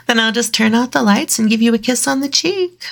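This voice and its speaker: A woman in an intimate audio role-play, speaking in a teasing, dominant way, dropping into whispers and giggling softly between phrases. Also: on the high side, lively intonation, normal speed, gravelly.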